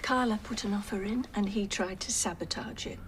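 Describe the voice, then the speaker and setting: A woman's voice: medium pitch, a little fast, noisy background, close to an everyday voice. An actress playing an older mother standing by her new partner, firm and earnest, in a TV soap. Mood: stern. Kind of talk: TV soap drama acting.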